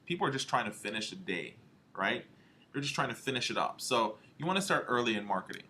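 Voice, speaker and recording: A man's voice: mid-range voice, very animated, quick pace, bright, forceful tone, husky. A man leading a motivational marketing training talk in an emphatic way, often checking in with "all right?" and "okay?". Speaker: home health marketing trainer.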